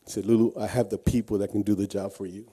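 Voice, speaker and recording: A man's voice: on the low side, flat delivery, fast talker, dark tone, breathy edge. A man giving an earnest personal testimony, telling his story with frequent restarts. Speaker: guest speaker.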